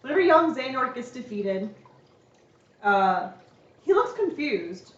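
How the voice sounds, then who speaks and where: A woman's voice: high-pitched, big pitch swings, a little slow. A young woman streamer casually recapping a game story at home, chatty and playful. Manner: chatty and playful, laughs often. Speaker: streamer giving a lecture. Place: home room. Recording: echoey room, distant dull mic.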